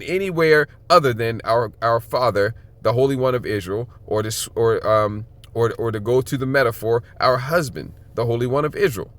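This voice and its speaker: A man's voice: on the high side, a bit bright, no room sound. A man preaching a sermon and teaching scripture in an emphatic, conversational way, often checking in with "okay?" and slipping into blunt slang. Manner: blunt street slang and occasional profanity.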